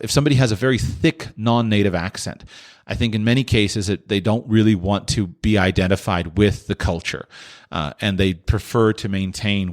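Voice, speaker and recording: A man hosting a podcast, answering listener questions in a thoughtful, explanatory way with frequent restarts. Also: lowish voice. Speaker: podcast host.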